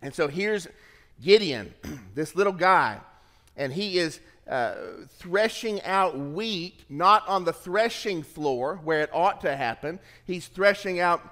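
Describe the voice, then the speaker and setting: Animated preacher man in a reverberant space. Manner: animated scripture reading, shifting pitch and pace for emphasis. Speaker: pastor. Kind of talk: sermon.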